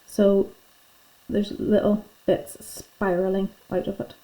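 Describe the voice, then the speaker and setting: A woman's voice: mid-range voice, little pitch movement, takes it slowly, background noise. A woman teacher, patiently and chattily talking pupils through filling in their lesson notes. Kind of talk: classroom lesson going through worksheet notes.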